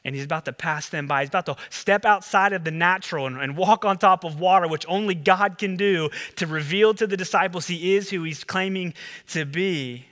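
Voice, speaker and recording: Animated male preacher in a reverberant hall. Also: brisk. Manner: animated, acts out the disciples and Jesus with rising pitch. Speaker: pastor. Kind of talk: sermon.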